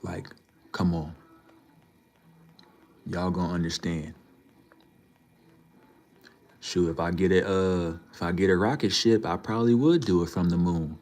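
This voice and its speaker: A man with a very low voice talks to his live viewers. He lectures in an emphatic way and repeats his points again and again, in a loose and casual manner. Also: unhurried, long pauses, darkish tone. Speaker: livestreamer. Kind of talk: casual live-stream talk to chat.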